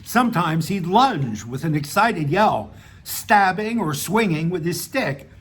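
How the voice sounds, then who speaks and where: A man, the author, reading his own short story aloud, relaxed, with small restarts and casual asides. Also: high voice, measured pace, slight background noise. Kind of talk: audiobook narration of a short story.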